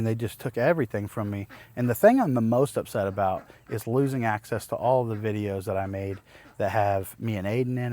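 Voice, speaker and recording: A man's voice: mid-range voice, darkish tone. A man, possibly in his thirties, casually telling a personal story to the camera as a homesteading vlogger, rambling and restarting as he relives an exasperating ordeal. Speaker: homesteading YouTuber.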